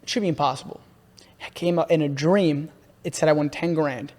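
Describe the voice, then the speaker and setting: A young man on a podcast, excitedly telling a long story and calling his listener "bro" a lot. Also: a little high, a little fast. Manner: excitable, repeats himself, says "bro" a lot. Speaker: podcast host. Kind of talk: casual podcast chat, storytelling. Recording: room with long reverb.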